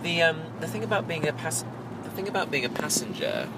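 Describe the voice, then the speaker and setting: A man co-hosts a casual chat from the passenger seat, trading dry, sardonic quips. His pitch swings about a lot, and loud road noise from the car hums steadily behind him. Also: big pitch swings, brisk, vocal fry. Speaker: podcast co-host.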